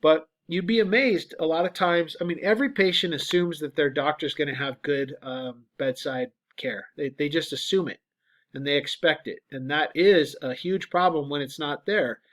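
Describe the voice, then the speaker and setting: A man's voice: fairly high pitch, moderate pace, a bit bright. A man giving a casual guest lecture to graduate students online, talking through points with fillers and frequent "right?" checks. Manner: conversational, explains with many fillers and "right?" checks.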